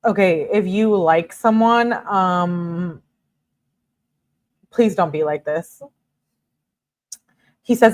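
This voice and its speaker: A woman's voice: lowish voice, slow, long pauses, darkish tone, no echo. A woman reading out text messages in a casual commentary, breaking in with exasperated, sarcastic asides. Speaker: true crime commentator reading texts aloud.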